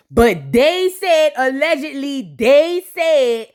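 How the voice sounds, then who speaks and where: Sassy high-voiced woman reviewer. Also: slow, hardly any pauses. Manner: sassy, gossipy, slangy and animated. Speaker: reality TV reviewer. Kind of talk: casual reaction commentary.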